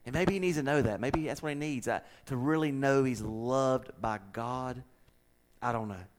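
Southern pastor telling a story. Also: male voice, mid-range voice, moderate pace. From American South. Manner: animated storyteller, chuckles, repeats words. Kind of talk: casual chat with co-hosts.

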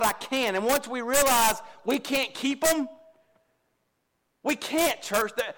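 Man, middle-aged, pastor, high voice, folksy sermon, confessional. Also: a bit bright. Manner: folksy, confessional, jokes with the congregation. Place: church.

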